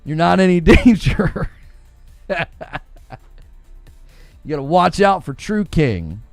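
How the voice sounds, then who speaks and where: Animated laughing male stream host. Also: high voice, takes it slowly, creaky, no echo, soft background music. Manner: laughs often, riffs on jokes. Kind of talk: casual live-stream chat reading viewer comments.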